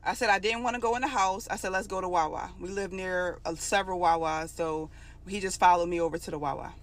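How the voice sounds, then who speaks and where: A woman's voice: fairly low pitch, steady tone, quick pace. A young adult woman telling a personal story in a casual, emotional, conversational way.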